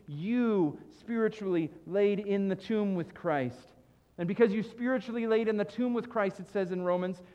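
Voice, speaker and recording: A man preaching a sermon as a pastor, animated, acting out comic voices in his examples. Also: high-pitched, big-room sound, muffled recording.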